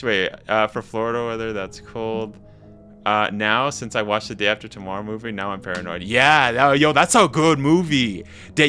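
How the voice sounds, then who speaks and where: A man's voice: mid-range voice, bright, forceful tone. A young man from Canada chatting casually with his live-stream audience, slangy and rambling as he reads the chat. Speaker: game streamer.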